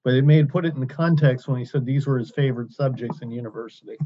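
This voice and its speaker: A man's voice: medium pitch, quick pace, lo-fi sound, slight background noise. A man in a study group eagerly chiming in with comments. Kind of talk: group discussion.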